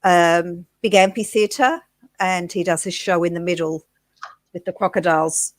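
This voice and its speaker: A woman's voice: lowish voice, fairly even intonation, normal speed, no echo. A woman from Australia, a guest on a casual online chat, talking with enthusiasm.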